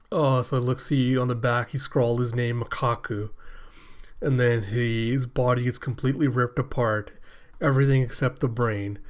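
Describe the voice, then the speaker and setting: A man hosting a casual reaction video, retelling a comic in a chatty, paraphrasing way with quick asides. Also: mid-range voice.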